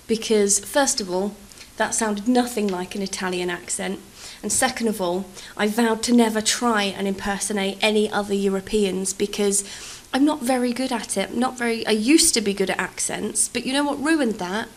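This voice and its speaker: A woman's voice: medium pitch, moderate pace, a little hiss or hum, low-quality recording. Chatty British woman vlogger. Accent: British English. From England. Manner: chatty, self-deprecating, rambling with fillers. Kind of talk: casual storytelling over a game build.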